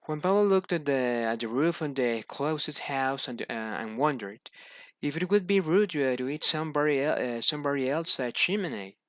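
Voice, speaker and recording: A man's voice: medium pitch, animated, normal speed, fairly bright tone, dry recording. Man hesitantly reading a storybook. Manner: hesitant with many fillers and restarts. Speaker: student.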